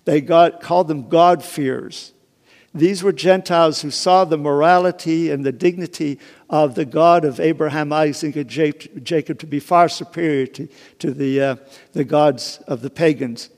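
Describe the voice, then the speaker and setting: A man's voice: on the high side, fairly even intonation, moderate pace, darkish tone. A man giving an informal sermon, retelling a Bible story conversationally, with many restarts and asides. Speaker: preacher. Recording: long hall reverb.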